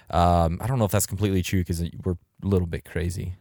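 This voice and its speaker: A man co-hosting a podcast in casual chat, relaxed and full of fillers, reading listener email aloud. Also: sits low, fairly quick, no room sound, studio quality. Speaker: podcast co-host.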